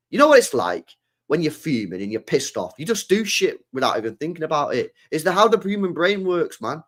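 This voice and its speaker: A young man, hosting a casual football stream, rambling in slangy, animated asides. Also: a little high, a little fast. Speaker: football channel host. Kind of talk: casual livestream chat.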